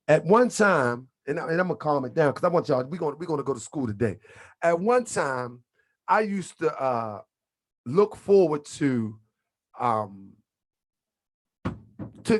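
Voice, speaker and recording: A man's voice: fairly high pitch, lively intonation, unhurried. A man hosting an online show, talking loosely and in slang to his viewers as family, live from his home computer setup. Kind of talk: casual livestream talk.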